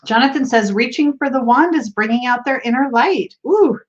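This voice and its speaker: A woman's voice: on the high side, normal speed, highs cut off. An American woman hosting a tarot live stream, chatting casually, giggling often and reading viewer comments aloud. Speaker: tarot livestream host.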